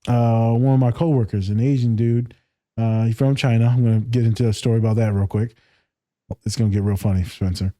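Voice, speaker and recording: Laid-back man, mellow dry voice. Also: mid-range voice, steady tone, a little fast, dry recording. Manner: laughing storyteller, swears freely. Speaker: podcast co-host. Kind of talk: casual podcast chat.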